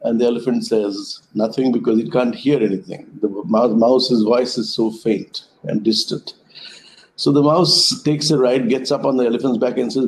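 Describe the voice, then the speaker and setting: A man speaks at an even middle pitch with a soft, mellow tone. He gives a reflective talk over a web call. He unfolds his ideas slowly through stories and metaphors. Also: a little hiss or hum, poor audio. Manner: thoughtful storyteller, speaks in metaphors. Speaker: conference speaker. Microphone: web conference call.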